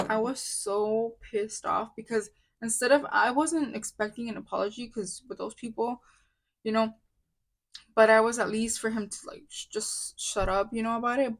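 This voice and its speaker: Young woman in her twenties, vlogger, venting storytime, fairly high voice, lots of likes and restarts. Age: 20s. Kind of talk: casual storytime vlog.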